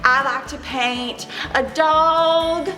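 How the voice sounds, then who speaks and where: A woman playing a bubbly young art teacher who explains painting in a slow, sing-song way. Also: high voice, steady tone, pushed and bright, exaggerated voice. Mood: cheerful. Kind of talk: amateur stage skit. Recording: echoey room with faint music.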